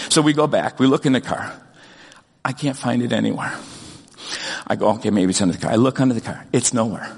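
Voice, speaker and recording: Middle-aged pastor telling a story in a reverberant hall. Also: male voice, mid-range voice, slightly rough. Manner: earnest, animated storytelling with restarts. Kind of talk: storytelling sermon.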